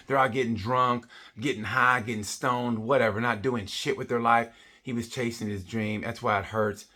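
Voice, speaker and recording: A man's voice: fairly low pitch, bright, forceful tone. A middle-aged man giving a casual comedic race review, blunt, profane and rambling. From United States. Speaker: motorsport vlogger.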